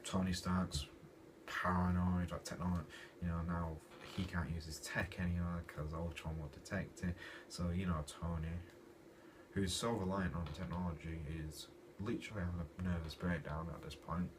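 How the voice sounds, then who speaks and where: A man's voice: sits low, normal speed. A man reviewing a comic in a casual, exasperated rant. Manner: exasperated, ranting, animated. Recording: distant mic with noisy background.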